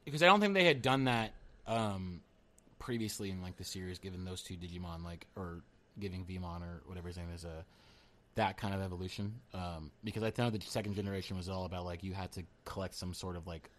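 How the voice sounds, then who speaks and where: A man talking at a quick clip in a relaxed, rambling chat. His voice sits on the low side, and he laughs easily and drops the odd swear word. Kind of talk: casual chat.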